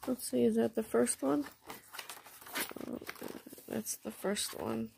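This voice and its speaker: A woman chatting casually at home as she shows off craft mail and bargain finds, gushing softly and sometimes dropping to a near whisper. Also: mid-range voice, very animated, measured pace, gravelly, a little hiss or hum. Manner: soft, gushing, often drops to a near whisper. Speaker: craft vlogger showing received mail and shopping finds. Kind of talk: casual show-and-tell chat.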